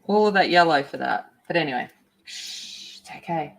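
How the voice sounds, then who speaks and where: A chatty woman talks loosely to her livestream viewers while she colors, her voice sitting a little on the low side. She greets people in the chat by name and gets excitable. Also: normal speed, gravelly. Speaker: art livestream host.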